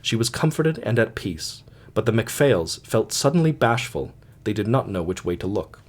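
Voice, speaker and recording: A man narrating a classic short story in a measured, dramatic way. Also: lowish voice, very animated. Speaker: audiobook reader.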